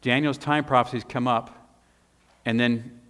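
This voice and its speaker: A man preaching a sermon and reading scripture aloud, animated and emphatic, pointing to a handout. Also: medium pitch, unhurried. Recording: long hall reverb.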